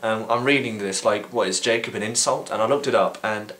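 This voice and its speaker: A man's voice: on the low side, fairly quick, fairly bright tone. A man casually retelling a book for a video blog in an irreverent, offhand way, with frequent ums and crude slang. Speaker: video blogger.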